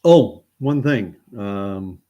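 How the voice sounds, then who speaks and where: A man's voice: fairly low pitch, lively intonation, extremely slow, dark tone. A man in his fifties, from Canada, hosting a casual live stream of news commentary, rambling with many fillers and chuckles. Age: 50s.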